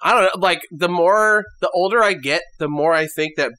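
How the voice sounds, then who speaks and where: Animated, jokey man with a high bright voice. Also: fairly quick. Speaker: podcast co-host. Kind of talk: casual chat.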